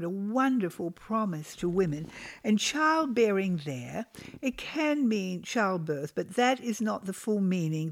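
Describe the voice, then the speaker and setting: A woman's voice: on the high side, darkish tone. A woman teaching a devotional Bible lesson to women, reading scripture aloud and lingering on key words.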